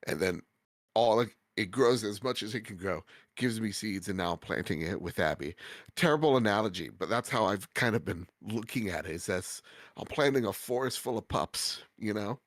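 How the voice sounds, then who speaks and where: A man's voice: fairly low pitch, lively intonation, moderate pace, no echo. A man co-hosting a podcast in casual chat, heartfelt and rambling with many restarts, his nose stuffy. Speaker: podcast co-host.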